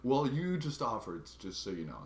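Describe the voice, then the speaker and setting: A man putting on the voice of a bored, curt woman clerk on the phone, giving flat, dismissive retorts. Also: medium pitch, moderate pace, echoey room, pitched above the performer's own voice, natural voice. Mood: retorting.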